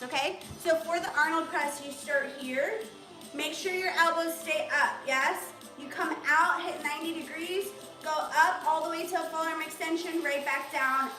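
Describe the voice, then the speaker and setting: A young woman leading a live home workout as a fitness instructor, chatty and full of "um" and "like.". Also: sits high. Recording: echoey room with music playing. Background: music.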